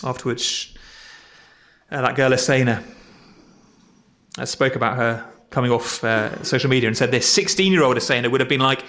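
A man's voice: medium pitch, moderate pace, long pauses, fairly bright tone. Man preaching conversationally. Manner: conversational, self-deprecating preaching with repetitions. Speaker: pastor. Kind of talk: sermon.

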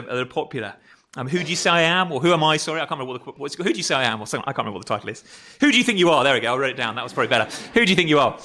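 Man, preacher, fairly high voice, conversational sermon, repeats words, rhetorical questions. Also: a bit bright. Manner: stumbles and repeats words, corrects himself. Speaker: pastor. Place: church.

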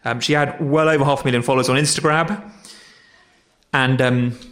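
Male pastor, mid pitch, relaxed conversational sermon delivery with repeats. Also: moderate pace. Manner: conversational, self-deprecating preaching with repetitions.

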